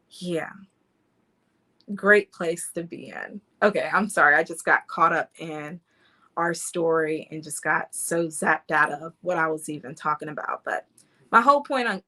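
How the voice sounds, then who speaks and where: A woman in her thirties, a podcast host, telling a personal love story in a lively, emotional way, at times laughing and close to tears. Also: lowish voice.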